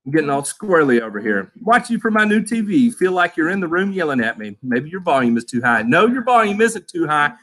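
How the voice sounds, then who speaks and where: Man, lawn care host, loud, playful, high and bright voice, swinging pitch. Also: brisk, hardly any pauses. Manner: loud, animated, playful shout-outs. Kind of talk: live stream chat roll call.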